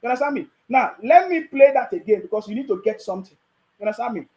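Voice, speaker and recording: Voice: mid-range voice, lively intonation, quick pace, darkish tone, rough recording. A speaker with a Nigerian accent giving casual political commentary to the camera. The speaker fires off mocking rhetorical questions, chuckles between points, and keeps checking in with "you understand me?".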